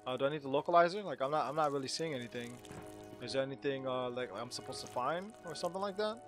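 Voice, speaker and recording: A man playing a horror game and commenting to himself in a jumpy, excitable way, with game music behind him. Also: medium pitch, quick pace. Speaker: gaming channel host. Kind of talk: let's play commentary.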